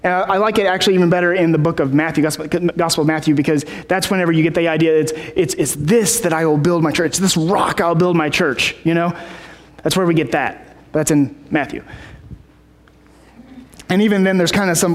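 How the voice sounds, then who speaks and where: A man's voice: on the high side, fairly even intonation, fairly quick. A man preaching a casual sermon, rambling with many fillers and restarts, heard in a large hall.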